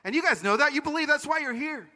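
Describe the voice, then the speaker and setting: A man giving a conference talk, telling stories in an animated, comic way. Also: extremely high pitch, fast. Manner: animated, comic, acts out voices. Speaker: conference speaker. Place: conference stage. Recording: large hall reverb.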